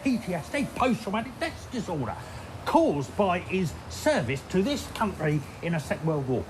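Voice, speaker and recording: Brief: a man as a rambling matey bloke, lively pitch, faint outdoor ambience. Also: normal speed, noisy background. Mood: indignant. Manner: matey, repetitive, rambling, tag questions. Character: chatty middle-aged Englishman gossiping about an old neighbour. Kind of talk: comedy sketch character.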